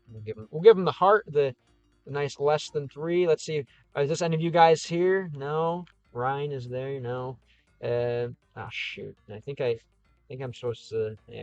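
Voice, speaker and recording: Here the man's pitch is medium, the audio dull and free of echo. He's a Midwesterner with a Chicago accent, casually livestreaming and working through comments in an upbeat, supportive, rambling manner with plenty of fillers.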